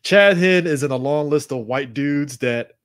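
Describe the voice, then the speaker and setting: A man's voice: a little high, a little slow. A man co-hosting a casual sports podcast, swearing freely and laughing as he recaps football games. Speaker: podcast co-host.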